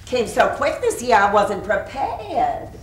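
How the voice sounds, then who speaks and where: Brief: actress as gushing Southern-accented mother, middle-aged, lively pitch, heard distant in an echoey theater with hiss. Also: slow pace. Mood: chattering. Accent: American Southern. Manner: chattering, flirtatious, fluttery with little laughs. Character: faded Southern belle mother, fussy and gushing. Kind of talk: stage play performance. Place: theater stage. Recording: roomy stage audio from far off with hiss.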